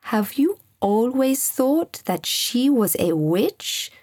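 A woman doing a calm, patient boy. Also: mid-range voice, measured pace, breathy edge, full character voice. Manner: calm, steady, questioning.

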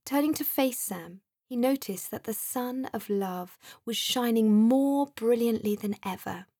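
A woman narrating a children's story in a slow, soft, soothing manner. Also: fairly high pitch, breathy edge, dry recording, clean studio sound.

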